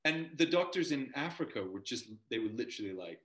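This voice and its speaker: A man's voice: medium pitch, very animated, fairly quick, a bit bright, echoey room, low-quality recording. A middle-aged man, an actor guest, telling long rambling anecdotes in a casual interview. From Montana and London. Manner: rambling anecdotes, acts out quoted voices.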